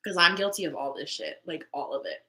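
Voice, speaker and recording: A young woman with a bright, crisp voice hosts a casual live stream, talking straight to her viewers. She is candid and swears freely, laughs often, and drops in the odd Spanish word. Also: low-pitched, a little fast. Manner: mixes in Spanish words. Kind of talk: casual live stream chat about manifesting.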